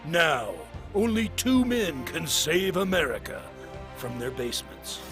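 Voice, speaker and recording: A man puts on an epic movie-trailer announcer voice. He speaks slowly, and his pitch swoops dramatically. Music plays clearly underneath. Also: sing-song. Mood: dramatic.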